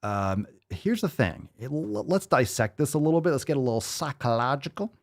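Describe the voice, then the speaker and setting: A man's voice: medium pitch, lively intonation, fairly quick. A man hosting a podcast, ranting with blunt, profane, sarcastic commentary and mocking asides. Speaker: podcast host.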